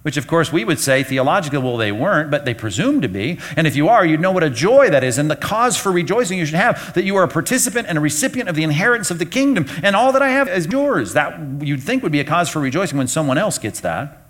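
A man delivers a sermon with a lively, swooping pitch and a slightly high voice. He preaches emphatically and rhetorically, voicing the thoughts of his listeners. His pitch rises and falls widely as he drives his points home. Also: fast talker, hardly any pauses. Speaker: pastor.

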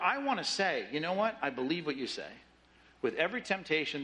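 Animated bright-voiced male preacher. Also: a little high, poor audio. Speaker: pastor. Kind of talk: sermon.

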